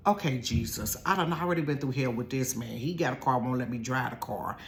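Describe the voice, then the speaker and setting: A woman from Ohio telling a storytime from her bedroom. She talks straight to her viewers in a casual, chatty way, calling them "y'all" and "honey". She moves from hushed asides to loud, laughing outbursts. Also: rumbling low, lively intonation, fairly quick, gravelly, a little hiss or hum. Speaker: storytelling vlogger.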